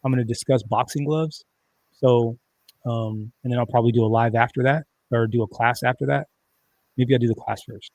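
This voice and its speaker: A man's voice: mid-range voice, steady tone, a little fast, darkish tone, no room sound. Rambling man talking on a livestream. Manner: rambling, conversational, frequent restarts and fillers. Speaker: livestream host. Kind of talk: casual livestream talk.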